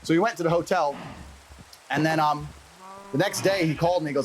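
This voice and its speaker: A man telling a personal story as an interview guest in a fast, casual, profane way. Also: fairly high pitch, slight background noise, rough recording.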